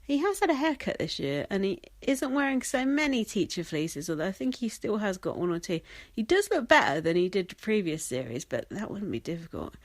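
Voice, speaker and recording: A woman's voice: medium pitch, big pitch swings, brisk, dry recording. A young woman hosting a podcast recap in casual chat, sweary and laughing often, slightly wheezy and coughing. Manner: chatty, sweary, laughs often, many ums and likes. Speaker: podcast host.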